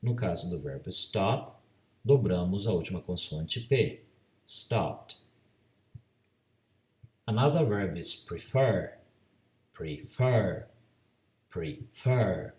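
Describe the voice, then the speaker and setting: A Brazilian-accented man gives a slow, deliberate grammar lesson, spelling letters out one by one and repeating each rule. His voice sits fairly low and comes from a short distance away in an echoey room. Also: lively intonation. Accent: Brazilian Portuguese. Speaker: teacher.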